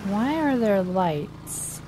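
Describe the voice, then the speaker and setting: A woman talks through a shooter game in a slow, unhurried way, chatting and teasing the enemies on screen. Her voice sounds slightly hoarse. A faint hiss sits under the recording. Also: mid-range voice, sing-song. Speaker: gamer playing a shooter. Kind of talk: casual let's play commentary.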